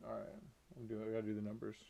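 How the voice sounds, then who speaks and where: A man's voice: on the low side, completely flat delivery, rapid-fire, vocal fry, warm tone. A man hosting a livestream raffle, bantering casually, joking and laughing often and swearing now and then. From Tampa area. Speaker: livestream host.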